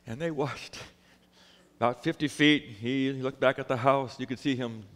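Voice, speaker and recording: A man's voice: medium pitch, steady tone, normal speed, a bit bright, big-room sound. A male pastor preaching a sermon, telling a story animatedly and acting out the characters.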